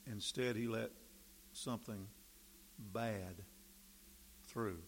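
A man preaching a sermon, slow and deliberate, stressing key words and pausing often. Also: fairly low pitch, fairly even intonation, slight background noise.

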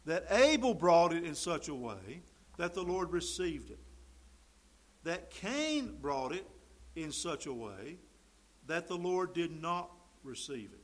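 A man preaching a sermon, emphatic, swinging between loud stresses and quiet mimicked asides. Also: mid-range voice, a little hiss or hum, poor audio. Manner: emphatic, rising and dropping to mimic quoted voices.

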